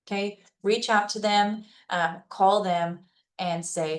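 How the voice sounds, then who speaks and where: A woman with a medium-pitched, fairly flat voice speaks slowly as a presenter at a senior-services webinar. Her informal, conversational talk offers practical advice in plain, reassuring language, and she keeps checking in by asking "okay?" and "right?"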